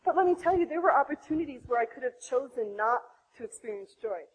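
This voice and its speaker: A woman in her thirties sharing her own birth story to other women, animated, acting out her past self. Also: quick pace, husky, rough recording. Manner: animated, acts out her own past voice with big pitch jumps. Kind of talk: impassioned personal testimony.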